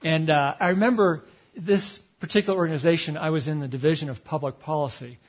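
Man, husky voice, fairly high pitch, humorous storyteller, self-deprecating, acts out his own thoughts. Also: fast. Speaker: speaker telling a personal story. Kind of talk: storytelling talk.

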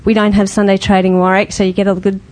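A woman telling a personal story to a small group in a casual, lively way, laughing often and acting out the voices of the people she quotes. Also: medium pitch, very fast, low-quality recording. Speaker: group member sharing a testimony.

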